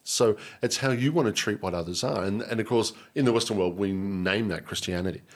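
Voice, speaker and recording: A man with an Australian accent and a low, husky voice tells an emotional personal story as an interview guest. He talks in an earnest, animated way. He often repeats himself and restarts his sentences. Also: fairly quick.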